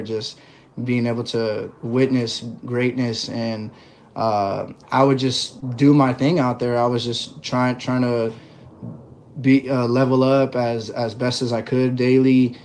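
A man guesting on a podcast, telling his story in a relaxed way with lots of fillers. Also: mid-range voice, a little slow, a little hiss or hum. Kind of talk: casual interview chat.

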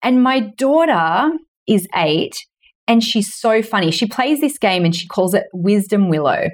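A woman in her forties chats easily as a podcast guest, moving through her stories in a conversational way. Her voice sits at a middle pitch. When she quotes other people she lifts into exaggerated voices. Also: animated, unhurried. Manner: storytelling, acting out quoted voices with big pitch jumps. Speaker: guest, money mentor and author.

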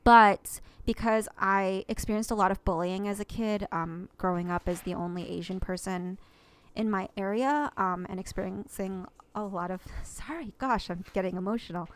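A woman's voice: mid-range voice, steady tone, normal speed, smooth. A woman in her thirties co-hosting a podcast, talking earnestly and at length with many restarts. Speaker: podcast co-host. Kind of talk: casual podcast chat.

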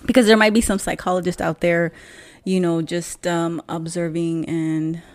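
A woman's voice: on the low side, flat delivery, normal speed. Playful woman hosting a podcast. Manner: playful, laughing, talks with slang. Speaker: podcast host. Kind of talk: casual podcast chat.

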